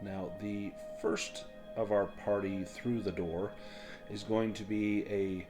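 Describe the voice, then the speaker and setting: A man narrating as game master of a tabletop role-playing game, in a casual, halting way with frequent fillers. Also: on the low side, fairly even intonation, music in the background.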